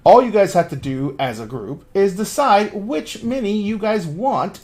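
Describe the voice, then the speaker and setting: A man's voice: high-pitched, expressive, a little slow, a little mellow. A man running a tabletop game on a stream, talking in a casual, rambling way and swearing now and then. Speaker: game master.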